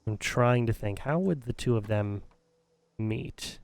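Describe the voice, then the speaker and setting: Smooth-voiced man streaming a game. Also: medium pitch, unhurried, no room sound. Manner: thinking aloud, hesitant. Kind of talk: casual live-stream commentary.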